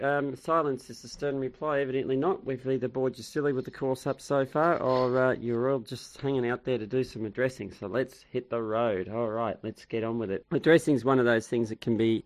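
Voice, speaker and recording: A male instructor talks his class through a live online lesson in a relaxed, friendly way. He is encouraging, trails into ums and restarts as he explains, and sits close to a dry, dead-sounding mic. His voice sits at a middling pitch. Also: no echo. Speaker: networking course instructor. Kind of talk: casual online lecture.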